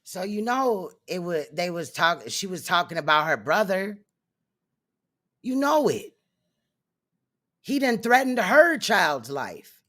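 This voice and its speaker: A woman's voice: on the low side, big pitch swings, slow, pauses often, a bit bright. A woman hosting reaction commentary, scornful and mocking. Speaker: commentary host.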